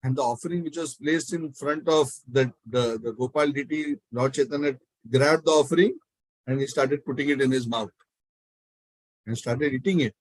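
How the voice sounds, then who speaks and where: A man telling a devotional story in a talk, animated and acting out the characters. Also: mid-range voice, moderate pace, no echo, rough recording. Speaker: spiritual speaker.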